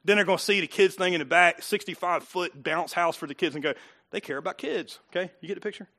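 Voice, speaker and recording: A fast-talking pastor whose voice sits high delivers a sermon in church. Conversational and animated, he asks the congregation rhetorical questions and performs what people might say.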